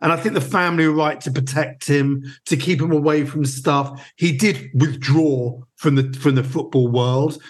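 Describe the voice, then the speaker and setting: A man's voice: a little high, steady tone, normal speed, hardly any pauses. A man hosting a podcast interview, reacting sympathetically and adding reflective comments. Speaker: podcast host.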